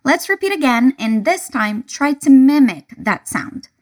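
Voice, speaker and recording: Slow, lively woman teaching English. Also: sits high. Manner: clear, deliberate, breaks phrases into single words. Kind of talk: slow repeat-after-me pronunciation lesson.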